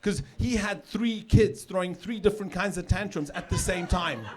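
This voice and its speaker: A middle-aged man from South Africa doing a stand-up comedy set on stage, chatty and loose, with sudden shouted punchlines. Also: high voice, normal speed. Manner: conversational, with filler repeats and sudden shouted punchlines. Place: comedy stage with a live audience. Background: audience laughter.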